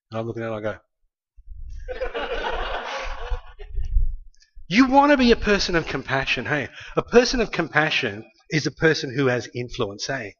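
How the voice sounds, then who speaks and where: A man's voice: on the high side, fairly bright tone. An Australian man preaching, telling a family story in a loose, conversational way with many restarts. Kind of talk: sermon storytelling. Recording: slightly muffled lo-fi recording.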